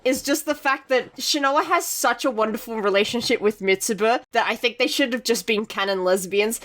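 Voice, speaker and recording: A young woman with a fairly high voice talks eagerly as a guest in a casual chat, giving firm opinions and breaking into laughter as she goes. Her delivery is loose and conversational. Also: moderate pace, hardly any pauses, a bit bright. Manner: chatty, opinionated, laughs while talking. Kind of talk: casual anime discussion chat.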